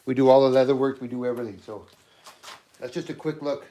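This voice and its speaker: A man's voice made scratchy by a cold. He talks loosely through a workshop demo, often breaking off and restarting sentences. His pitch sits in a middling range for a man. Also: fairly even intonation, fast, dark tone, lo-fi sound. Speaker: knifemaker and channel host. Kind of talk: casual workshop livestream demo. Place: home workshop.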